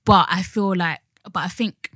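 A woman in her twenties co-hosting a casual podcast. She has a lowish voice, recorded close and dry, and she keeps agreeing and asking questions. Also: moderate pace, a bit bright, breathy edge, no room sound. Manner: supportive, lots of yeahs, asks questions. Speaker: podcast co-host. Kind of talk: casual chat.

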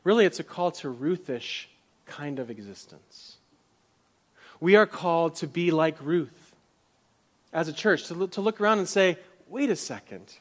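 A man delivers a sermon in a church, his voice a touch higher than most men's. He retells the words of biblical figures with mounting intensity and drops now and then to a hushed whisper. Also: animated, measured pace, long pauses. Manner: drops to a soft whisper at tender moments. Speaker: pastor.

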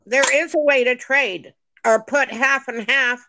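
A woman's voice: sits high, fairly even intonation, a little slow, noisy background. A woman telling stories in a chatty, exclaiming way during casual family chat. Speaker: podcast host.

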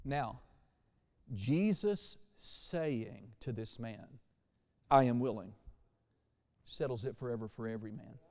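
Animated male preacher in a reverberant hall. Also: medium pitch, measured pace. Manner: animated preacher, shifts from quiet to loud. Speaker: pastor. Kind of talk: sermon. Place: church sanctuary.

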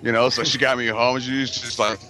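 A man with a Midwestern American accent co-hosting a casual podcast, telling a profane childhood story with falsetto impressions. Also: little pitch movement, pushed and bright, faint music behind. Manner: profane, quick asides, acts out his mother in falsetto. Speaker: podcast co-host.

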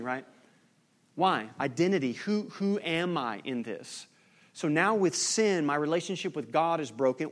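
A man delivering a sermon, lively and animated, teasing his listeners now and then. His voice sits a touch higher than most men's. He moves between quiet points and raised, punchy asides. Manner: lively preaching, teasing the congregation. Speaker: pastor.

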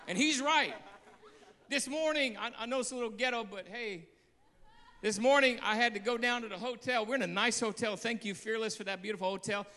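Guy pastor preaching hard, sharp bright voice, long church echo. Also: very high-pitched, moderate pace. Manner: passionate, bursts into shouts, storytelling with repeated phrases. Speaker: guest pastor. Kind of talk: preaching a sermon.

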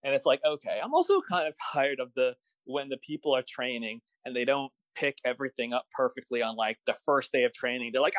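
A man's voice: mid-range voice, sing-song, fairly quick, hardly any pauses, dry recording, rough recording. A man co-hosting a casual podcast, wryly complaining about a TV episode with hesitant restarts. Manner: wry, hesitant, with many restarts. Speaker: podcast co-host. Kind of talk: casual episode recap chat.

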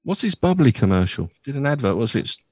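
A man's voice: medium pitch, sing-song, fast, darkish tone, husky, dry recording. A middle-aged man from Bristol, hosting a casual radio chat and telling rambling stories with many restarts. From Bristol, England. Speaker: radio show host. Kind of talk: casual chat on a remote call.

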